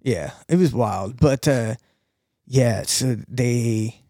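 A man's voice: medium pitch, slow pace, dark tone, dry recording, studio quality. A man co-hosting a podcast, telling a rambling story in casual chat, full of fillers and bursts of laughter. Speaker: podcast co-host.

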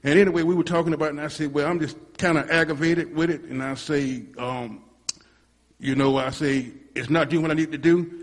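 A man's voice: on the high side, steady tone, fairly quick, big-room sound. A man telling a rambling church testimony, restarting and repeating himself as he goes. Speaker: congregant giving a testimony.

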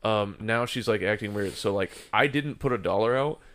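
A man's voice: on the low side, normal speed, a bit bright. A man telling a long story in casual podcast chat, rambling with lots of fillers, swearing and laughing as he goes.

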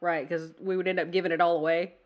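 A woman co-hosting a casual podcast chat while sick with the flu, coughing now and then, chatty and quick to laugh. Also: lowish voice, flat delivery, muffled recording. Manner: chatty, rambling, laughs easily. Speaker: podcast co-host.

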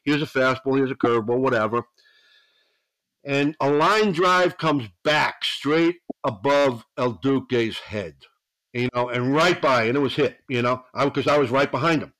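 A man, a veteran pitching coach, telling rambling stories as a podcast guest, with frequent restarts and 'you know's. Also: a little slow, a bit bright, dry recording, rough recording. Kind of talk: storytelling podcast interview.

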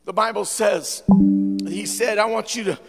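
A male pastor preaching a sermon, with frequent "uh" fillers, swinging between fervent shouting and quieter appeals. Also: high voice, unhurried, gravelly, faint music behind. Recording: long hall reverb.

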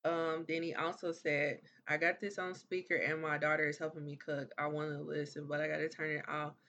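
A man's voice: on the high side, level tone, fairly quick, bright, forceful tone, muffled recording, a little hiss or hum. A man co-hosting a podcast in casual chat, reading viewer comments aloud and reacting briefly.

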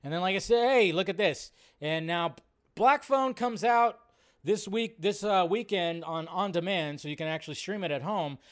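A man runs a live stream about movie news, rambling casually and relaxed with plenty of fillers. His voice is high-pitched and a bit bright, at a moderate pace.

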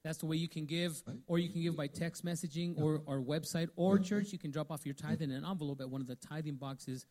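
A man's voice: fairly high pitch, steady tone, brisk, few pauses, darkish tone. A man making announcements in a church sanctuary, speaking straight to the congregation again and again. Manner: keeps addressing the congregation directly.

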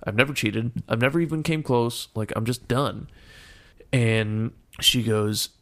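A young man with a gravelly, fry-heavy voice tells a story in casual chat. His delivery is profane and animated, breaking into shouts and laughs. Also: medium pitch, a little slow.

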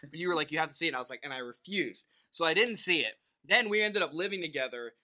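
Bright-voiced young man rambling casually. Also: a little high, fast talker. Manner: rambling, animated storytelling with many fillers. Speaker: podcast co-host. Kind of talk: casual chat.

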